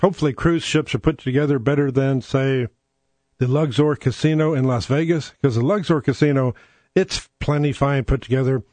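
A man's voice: medium pitch, darkish tone, no echo. A man hosting a rambling comic monologue, profane and sardonic, digressing as he talks.

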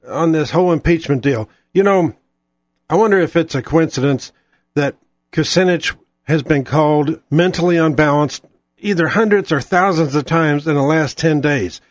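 A man's voice: fairly high pitch, no room sound. A man hosting a political talk show, ranting with profane, sarcastic exasperation.

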